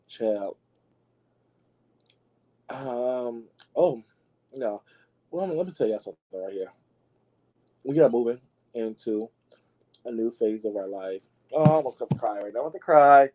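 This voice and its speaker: A man hosts a casual gossip talk show. His voice is warm and mellow, and he speaks at an everyday middle pitch. His manner is sassy and animated, and he keeps talking straight to his listeners. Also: poor audio.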